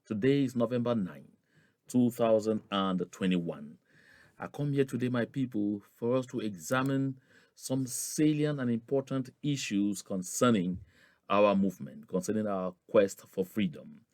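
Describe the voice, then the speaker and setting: A man's voice: fairly low pitch, lively intonation, a little slow, a little mellow, dry recording, studio quality. A man from gives a rallying political address to his followers, with emphatic, repetitive oratory that climbs on stressed phrases. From Southern Cameroons (Anglophone Cameroon).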